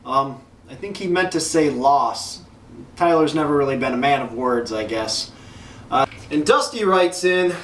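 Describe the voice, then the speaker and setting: A man hosting a mock press conference, reading league news in a crude, deadpan announcer style. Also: a little high, a little slow, far from the mic. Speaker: league commissioner host. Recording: echoey room, voice off-mic.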